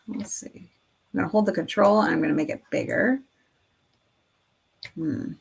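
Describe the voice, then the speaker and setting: A woman's voice: lowish voice, animated, normal speed, creaky, long pauses, breathy edge. A woman in her thirties chatting casually and rambling with laughs while making a craft design on screen. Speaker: craft video creator. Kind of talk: casual screen-recording chat.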